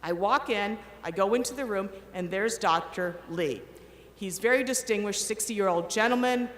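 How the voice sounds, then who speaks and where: A middle-aged woman giving a commencement speech, telling an animated story and acting out the quoted voices. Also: medium pitch, moderate pace, slight background noise. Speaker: commencement speaker. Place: large ceremony hall. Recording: echoey hall with long reverb, faint ambience.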